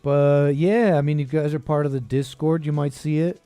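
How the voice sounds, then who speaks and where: A man's voice: fairly high pitch, fairly even intonation, normal speed, warm tone, smooth, no echo, faint music behind. A man hosting a call-in show, talking casually and rambling, with frequent chuckles and trailing thoughts.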